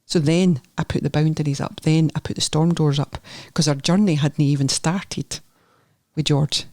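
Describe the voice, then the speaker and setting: A middle-aged woman with a Scottish accent, a nurse therapist talking as a guest on a podcast, chatty and animated as she tells her story. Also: low voice, moderate pace, dry recording, clean studio sound. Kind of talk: candid podcast conversation.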